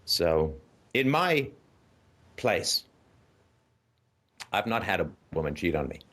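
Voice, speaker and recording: A man's voice: deep voice, very animated, slow pace, a bit bright. Blunt, lecturing male call-in host. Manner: emphatic and lecturing, blunt and profane, keeps asking "right?". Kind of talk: call-in advice monologue.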